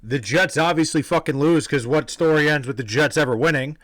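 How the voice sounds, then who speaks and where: A young man from New York casually telling a story, animated, profane and self-deprecating. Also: fairly high pitch, a little fast, no echo, poor audio. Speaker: vlogger telling a personal story.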